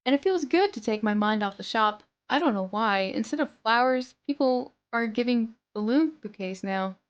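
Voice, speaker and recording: A woman's voice: a little high, lively intonation, normal speed, dull audio, close to an everyday voice. A woman reading aloud as a kind young woman florist, in a plain script-reading manner. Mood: gentle.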